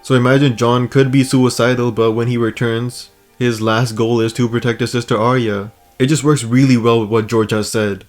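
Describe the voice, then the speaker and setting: Hoarse male video-essay host, flat delivery, casual and joking, faint music under him. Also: mid-range voice, normal speed, hardly any pauses. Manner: casual, joking, crude asides. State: hoarse, losing his voice. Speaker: YouTube host.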